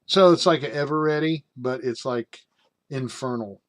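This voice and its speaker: A man reviews a tabletop game sourcebook in a loose, casual way. He reads passages aloud, then drifts into jokey, rambling asides. His pitch sits in an ordinary male middle range, and he fills his pauses with ums and uhs. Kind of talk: casual review reading from a rulebook.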